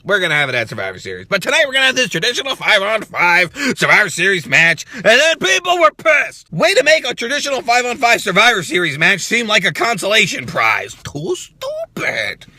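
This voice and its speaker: A loud, profane man hosts a wrestling reaction rant, mocking everything as he goes. His voice sits high and swings wildly in pitch, with a bright, gravelly rasp. The sound is close and dry. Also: huge pitch swings, brisk, few pauses, no echo. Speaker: wrestling review host. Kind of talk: ranting reaction commentary.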